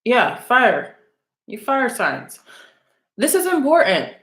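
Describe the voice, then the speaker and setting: A woman's voice: on the high side, sing-song, slow pace, a bit bright. A woman talking to her viewers as a spiritual reader in a casual, rambling monologue. She is blunt, teasing and profane, and calls her audience out. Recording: roomy, echoey room sound.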